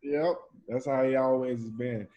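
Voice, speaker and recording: A former football player talking as a guest in a relaxed, agreeable casual chat. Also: male voice, mid-range voice, moderate pace, highs cut off.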